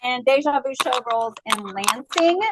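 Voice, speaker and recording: Peppy woman announcer, high and lively voice, noisy room behind her. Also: unhurried. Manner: peppy, cheering between items. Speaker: presenter reading weekly shoutouts. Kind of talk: cheerful announcements. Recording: noisy background.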